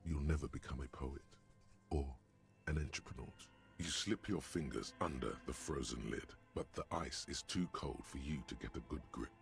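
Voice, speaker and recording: An actor narrating a detective's inner mind in a game, in a dramatic, ominous way with a gravelly voice. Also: male voice, extremely low pitch, normal speed, faint music behind.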